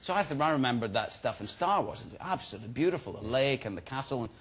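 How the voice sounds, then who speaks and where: A man in his thirties, guest on a chat show, telling stories in a relaxed, chatty way and laughing as he goes. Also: mid-range voice, quick pace, breathy edge. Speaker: guest actor. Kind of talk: casual chat-show interview.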